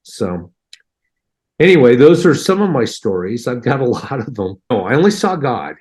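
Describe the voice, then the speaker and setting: A man's voice: mid-range voice, sing-song, moderate pace, darkish tone. A man earnestly recounting a personal near-death experience in a heartfelt, conversational way, acting out his own reactions.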